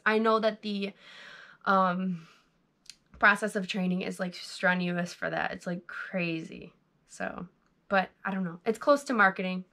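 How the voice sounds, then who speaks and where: A woman's voice: medium pitch, sharp tone. Young woman, bubbly chatty vlog tips, says "like" a lot, GoPro camera. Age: young adult. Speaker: vlogger giving interview tips.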